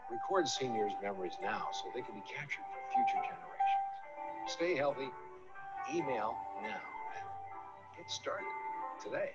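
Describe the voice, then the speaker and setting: Older man, measured announcer delivery. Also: medium pitch, animated. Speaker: retired TV reporter presenting his project. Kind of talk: scripted video pitch. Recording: dull lo-fi audio with loud music behind.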